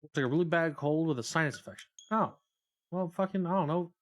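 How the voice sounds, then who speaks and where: A man's voice: a little high, fast, a little hiss or hum. Profane joking male game streamer. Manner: profane, rambling, joking with chat. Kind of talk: casual live-stream gaming chat.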